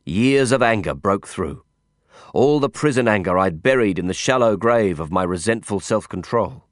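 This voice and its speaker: Low-voiced man narrating an audiobook. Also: lively intonation, dry recording, clean studio sound. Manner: measured, intense storytelling. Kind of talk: scripted first-person narration.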